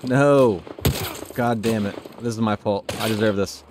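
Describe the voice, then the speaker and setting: A man's voice: on the low side, level tone, fairly quick. A man doing casual, rambling let's-play commentary, chatting with his viewers and mocking himself while he plays. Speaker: gaming streamer. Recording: noisy stream audio with game sounds.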